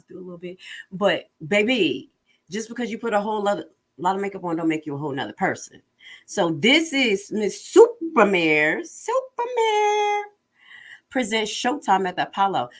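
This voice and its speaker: A woman giving casual livestream commentary in an animated, joking and sassy way. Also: medium pitch. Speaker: online commentator.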